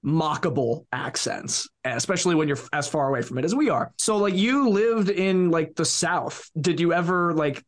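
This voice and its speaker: A man from New York co-hosting a podcast, chatting casually in a rambling way with lots of "like". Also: on the high side. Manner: rambling, leans on "like" and restarts. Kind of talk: casual chat.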